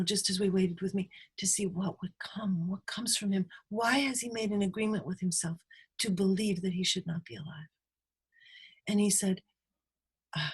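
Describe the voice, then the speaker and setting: A woman guest on a podcast, speaking softly and reflectively, often slipping into a breathy whisper as she retells a session. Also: mid-range voice. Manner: soft, reflective, retells sessions with quoted dialogue. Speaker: guest healer. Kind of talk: podcast interview, storytelling.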